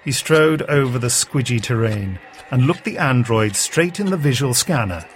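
Male narrator, mid pitch, calm storytelling read. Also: moderate pace, slight background noise.

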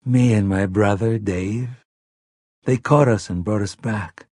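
A man's voice: fairly low pitch, takes it slowly, warm tone, husky, no echo, studio quality. A man voicing a hypnotized grown man who talks like a frightened seven-year-old, raised and small. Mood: frightened child. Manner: dazed, then small, trembling and childlike. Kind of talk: audiobook character voice.

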